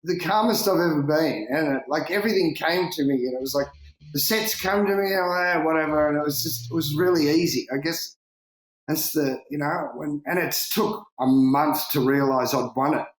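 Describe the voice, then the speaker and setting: A man, a big-wave surfer, telling stories in a casual interview, lively and swearing freely, laughing and acting out what people said. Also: fairly high pitch, moderate pace. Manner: animated, swearing, laughing, acts out quotes. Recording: roomy echo.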